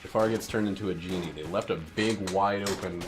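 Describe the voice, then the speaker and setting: A man's voice: low-pitched, brisk, noisy background. A man streaming a video game, giving casual play-by-play commentary in a wry, rambling way with muttered asides. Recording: game music playing behind. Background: loud game music and gunfire.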